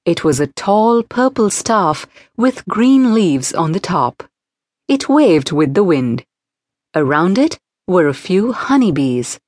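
A woman narrating a children's storybook in a gentle, expressive way. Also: on the low side, slow, dry recording. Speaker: audiobook narrator.

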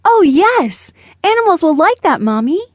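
A woman voicing an excited, curious little boy in a children's storybook. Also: sits high, unhurried. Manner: eager, wide-eyed.

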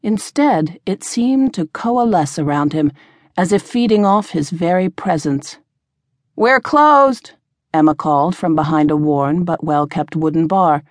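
A woman narrating a fantasy novel in a steady, measured reading. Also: deep voice, no echo, studio quality. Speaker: audiobook narrator. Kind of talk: scripted narration.

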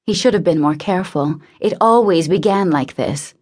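A woman narrates a novel in a measured, intimate tone. Her voice sits slightly low. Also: darkish tone. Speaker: audiobook narrator. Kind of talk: scripted narration.

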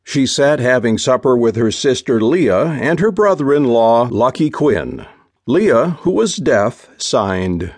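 Slow, gravelly male audiobook narrator. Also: mid-range voice, very animated, no room sound, clean studio sound. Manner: measured, unhurried storytelling. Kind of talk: scripted narration.

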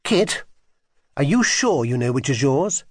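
A man's voice: mid-range voice, big pitch swings, a little slow, husky, no echo, studio quality. A man voicing a weary but firm mother in a children's audiobook, speaking in a commanding way.

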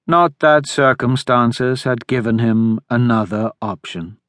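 A man's voice: medium pitch, no echo. Male audiobook narrator, dry studio sound. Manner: measured, steady storytelling. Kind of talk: scripted narration. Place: recording studio. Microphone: close studio mic.

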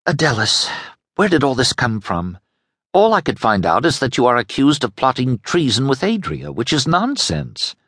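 A man's voice: medium pitch, sing-song, normal speed, a bit bright, no room sound, clean studio sound, voice pushed up. A man voicing a determined young noblewoman in an audiobook, urgent and pleading. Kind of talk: audiobook character voice.

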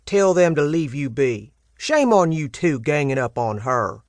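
A woman doing a calm old manservant. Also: low-pitched, unhurried, no room sound, studio quality, heavily acted. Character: calm kindly older manservant.

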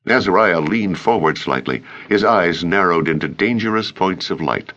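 A man narrating an audiobook in an expressive, dramatic reading. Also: low-pitched, moderate pace, hardly any pauses, muffled recording. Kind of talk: scripted narration.

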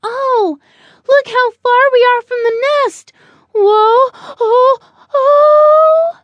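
A woman voicing a timid little boy bird chick in a children's storybook, high, squealing and excitable. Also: extremely slow, dry recording, muffled recording, heavily acted.

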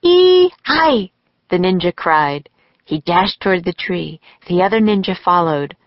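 A woman narrating a children's audiobook in a slow, deliberate storytelling manner, recorded on a close studio mic. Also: lowish voice, no room sound. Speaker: author and narrator. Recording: dry, slightly dull studio audio.

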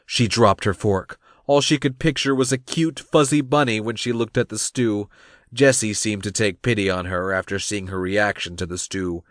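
A man narrating a romance audiobook, reading in an expressive storytelling manner. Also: fairly low pitch, moderate pace, no room sound, clean studio sound. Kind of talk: scripted narration.

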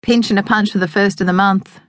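A woman's voice: medium pitch, fairly even intonation, brisk, no echo, lightly acted. A woman voicing a teasing teenage brother with a cheeky, taunting manner. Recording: dry close studio sound.

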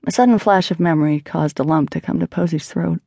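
A woman's voice: sits low, brisk, creaky, warm tone, husky, no echo, studio quality. A woman narrating an audiobook in a wry, conversational manner. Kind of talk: scripted narration.

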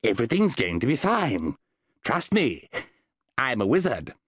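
A self-important, easily flustered wizard, voiced by a man in a storybook audiobook. His voice swings widely in pitch, huffy one moment and grandly declaiming the next. The recording is close and dry. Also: huge pitch swings, unhurried, a bit bright, breathy edge, no room sound, exaggerated voice. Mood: reassuring. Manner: huffy, pompous, improvising incantations. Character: fussy, flustered male wizard, pompous. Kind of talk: audiobook character voice.

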